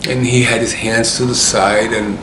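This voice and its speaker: A man's voice: mid-range voice, little pitch movement, normal speed, echoey room, noisy background. A man telling a personal story in a rambling way, often repeating himself.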